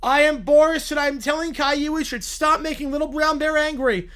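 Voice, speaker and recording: A synthetic male voice playing a strict cartoon father who speaks slowly and formally. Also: extremely high pitch. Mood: solemn. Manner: slow, flat, formal. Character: stern cartoon father, solemn and repetitive.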